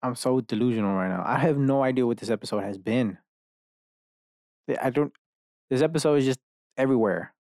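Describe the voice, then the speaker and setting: A podcast host speaks fairly quickly in a mid-range, slightly mellow voice, broken up by long pauses. Recording solo from his bedroom, he rambles through a rant filled with profanity and self-mocking asides. The audio is dry and of studio quality.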